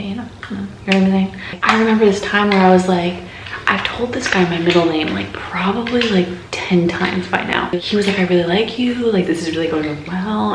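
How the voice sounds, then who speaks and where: Frank young woman vlogging. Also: on the low side. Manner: frank, jokey, drifts between loud bits and mumbled asides. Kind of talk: casual vlog chat. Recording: echoey room with noticeable noise.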